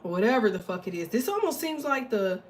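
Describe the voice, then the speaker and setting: A woman's voice: fairly high pitch, big pitch swings, brisk, a little hiss or hum. A woman giving a casual astrology and tarot reading, talking bluntly and profanely, rambling with lots of fillers.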